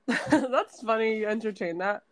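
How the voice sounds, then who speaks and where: A woman's voice: a little high, measured pace, no echo. A young woman co-hosting a podcast, mostly listening and reacting with short remarks in casual chat. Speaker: podcast co-host.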